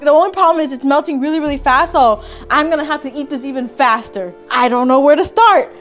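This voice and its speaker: Giggly high-voiced woman food vlogger. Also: quick pace, soft background music. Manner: giggly, squealing, talks to viewers. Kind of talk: excited cooking vlog.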